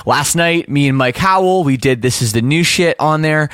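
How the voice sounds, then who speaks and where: A young Canadian man hosting a podcast, chatting in an upbeat, easygoing way. His voice sits a little high and sounds dry and close to the mic. He talks in casual bursts, from a home studio over a video call. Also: moderate pace, a bit bright, clear, resonant tone, no echo. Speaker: podcast host.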